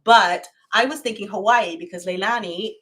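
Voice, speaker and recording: A woman's voice: mid-range voice, normal speed, a bit bright. A young woman from Barbados with a Barbadian accent, chatting effusively on a live stream and laughing often. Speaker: YouTuber hosting a live stream. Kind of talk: casual live-stream chat. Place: at home, camera set far off.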